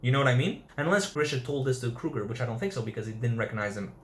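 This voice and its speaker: A man's voice: mid-range voice, expressive, rapid-fire, a bit bright, roomy sound, slight background noise. A man giving a casual, chatty review of an anime episode, swearing freely and acting out characters' lines. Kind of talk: casual video review commentary.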